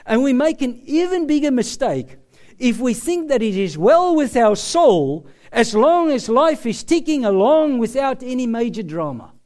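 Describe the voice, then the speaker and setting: A man preaching a sermon, slow and emphatic, with dramatic pauses. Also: very high voice, big pitch swings, darkish tone.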